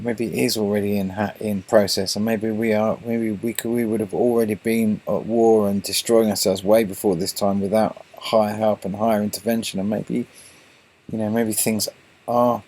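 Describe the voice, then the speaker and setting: A man's voice: on the low side, darkish tone. An English man hosting his own channel, talking to viewers in a meandering monologue full of restarts and fillers. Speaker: channel host.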